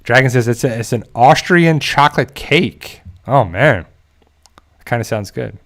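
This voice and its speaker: A man chatting casually as a stream host, moving from one comment to the next in a loose, rambling way. He jokes often and breaks into easy chuckles, at an ordinary middle pitch for a man. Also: expressive, a little slow, a bit bright. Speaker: channel host reading viewer chat. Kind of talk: casual livestream chat.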